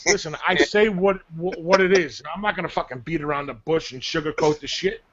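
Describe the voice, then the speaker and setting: A man's voice: a little high, fairly quick, fairly bright tone, muffled recording. A man ranting angrily and profanely on a chat show, venting hard. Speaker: show regular, clan player.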